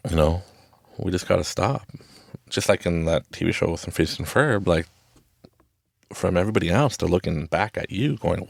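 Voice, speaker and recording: Gravelly low-voiced man rambling in a closet. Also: no echo, clean studio sound. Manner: rambling, chatty, laughs often. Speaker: podcast host. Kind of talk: casual motivational monologue. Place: small closet.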